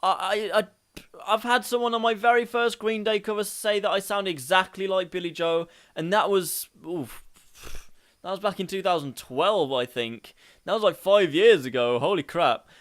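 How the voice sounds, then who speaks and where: Energetic high-voiced man rambling. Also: moderate pace. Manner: energetic, rambling, laughs at himself. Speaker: singing tutorial host. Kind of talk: casual vocal tutorial.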